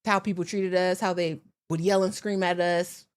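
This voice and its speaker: Animated slangy American woman storyteller. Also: lowish voice, normal speed, clean tone. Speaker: podcast guest. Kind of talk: casual chat.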